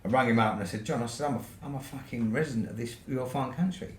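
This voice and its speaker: A man from the United Kingdom with a British accent, medium pitch and darkish tone talks fast while guesting on a podcast, telling a sprawling story casually with plenty of swearing and closing remarks of "right?". There's an echoey room and slight noise.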